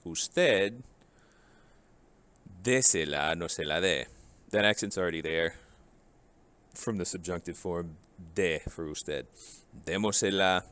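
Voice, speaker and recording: A man's voice: low-pitched, slow pace, pauses often, a bit bright, smooth. A man teaching a recorded Spanish grammar lesson in a casual, joking way, drilling forms one by one.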